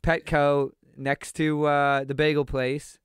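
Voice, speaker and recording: A young man telling a funny story in casual chat, animated and full of filler words, often acting out quotes. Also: fairly high pitch, takes it slowly, clear, resonant tone, dry recording, studio quality.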